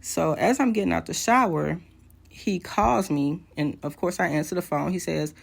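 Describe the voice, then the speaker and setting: A woman around forty tells a personal story to camera in a candid, conversational way. Her voice sits fairly low, with a gravelly vocal fry. She pauses on hesitant fillers as she goes. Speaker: vlogger.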